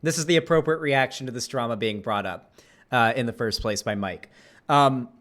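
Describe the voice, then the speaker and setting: A man's voice: mid-range voice, normal speed, fairly bright tone. Chatty man rambling over a video. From Florida, US. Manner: rambling, chatty, lots of fillers and asides. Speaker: reaction streamer. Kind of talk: casual commentary over a video.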